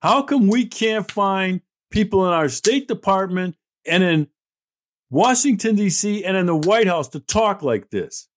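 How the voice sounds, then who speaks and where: Here a middle-aged host of an opinion program delivers news and then responds with blunt, indignant sarcasm. His high-pitched voice is animated, and he keeps a measured pace.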